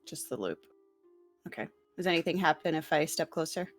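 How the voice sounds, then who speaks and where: A woman's voice: sits low, lively intonation, fairly quick, soft background music. A woman playing a tabletop game, asking curious questions. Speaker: player. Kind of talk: tabletop role-play.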